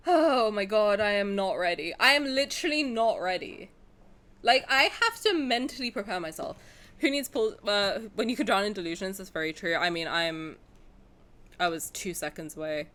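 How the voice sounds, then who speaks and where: A woman, chatting casually on a stream, excitable and dramatic, rambling between topics. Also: a little high, moderate pace.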